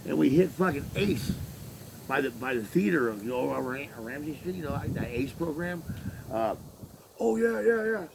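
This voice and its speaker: A man's voice: medium pitch, lively intonation, moderate pace, gravelly, noisy background. A man venting a long story in casual, profane, rambling talk, acting out what was said back and forth. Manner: profane, rambling, acts out quoted exchanges. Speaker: laborer telling his story.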